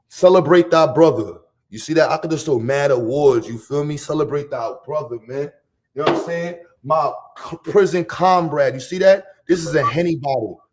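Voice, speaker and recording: A man from Harlem, hosting a casual livestream rant full of profane, boastful street slang and loud bursts. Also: fairly high pitch, a little hiss or hum. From Harlem, New York. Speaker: livestream host.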